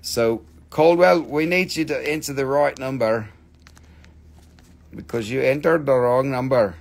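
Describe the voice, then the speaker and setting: Excitable man with a gravelly voice. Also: mid-range voice, a little slow. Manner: excitable, theatrical, swears often. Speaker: live-stream seller, host. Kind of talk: live sales stream.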